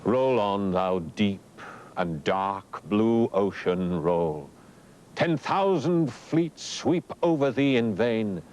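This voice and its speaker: A man reciting verse in a measured, solemn way. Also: on the low side, expressive, a little mellow, slight background noise. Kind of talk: poetry recitation.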